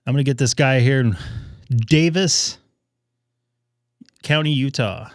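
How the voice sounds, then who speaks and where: A man's voice: medium pitch, a little slow, dry recording, studio quality. A man hosting a ham radio live stream, chatting casually and thinking aloud with plenty of fillers.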